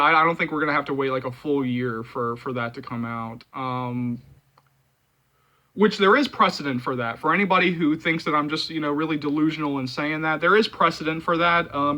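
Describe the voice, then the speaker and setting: Man, movie vlog host, heated rant, filler-heavy, swearing, slightly high voice, bright and forceful. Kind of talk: ranting vlog commentary.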